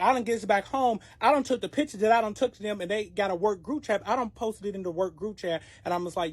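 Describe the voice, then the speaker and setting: In a casual storytime monologue, a creator tells a wild personal story, animated and profane, acting out every quote. The voice is mid-range and fairly quick, with no room sound.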